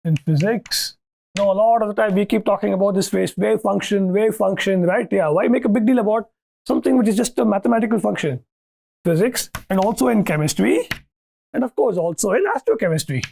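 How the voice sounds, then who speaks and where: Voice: medium pitch, a little fast, vocal fry, darkish tone. A lecturer giving a university lecture, thinking aloud with restarts and often asking "okay, right?" to check that students follow.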